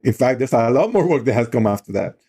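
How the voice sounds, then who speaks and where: A man's voice: mid-range voice, lively intonation, fast, dark tone, husky. A middle-aged man on a talk show, earnestly telling a story with many "you know" fillers. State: emotional while telling the story. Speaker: guest on a talk show, outdoor program leader. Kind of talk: conversational storytelling.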